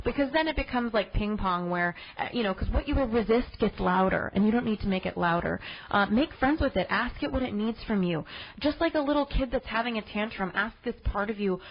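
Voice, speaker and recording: Woman podcast host, late 20s to 30s, earnest encouraging self-help delivery, mid pitch. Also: lo-fi sound. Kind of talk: solo podcast reflection.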